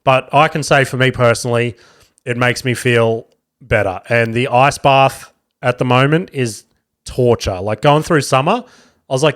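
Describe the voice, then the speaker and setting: A man's voice: mid-range voice, normal speed, fairly bright tone. Man rambling through funny family stories. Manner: rambling, heavy swearing, self-mocking. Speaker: podcast host. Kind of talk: casual comedic storytelling.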